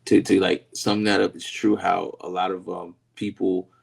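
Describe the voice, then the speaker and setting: A man's voice: deep voice, little pitch movement, normal speed, creaky, slightly rough. A man co-hosting a casual podcast chat, laid-back and rambling, always tossing in "you know what I mean" and laughing often. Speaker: podcast co-host.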